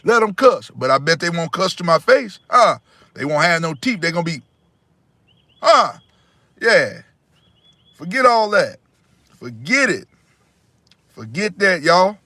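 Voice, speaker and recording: A man's voice: high voice, very animated, unhurried, pauses often, bright, forceful tone, no room sound. A man hosting a casual livestream, talking bluntly and repeating himself as he lectures his viewers. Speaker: livestream host.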